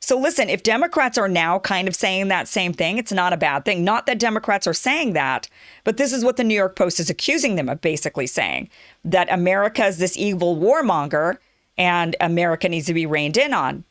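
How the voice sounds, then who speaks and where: A woman hosting her own political commentary show, talking in an animated, sarcastic way and mocking her opponents. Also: lowish voice, a little fast, no room sound, studio quality. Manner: animated, sarcastic, mocks opponents in quoted voices.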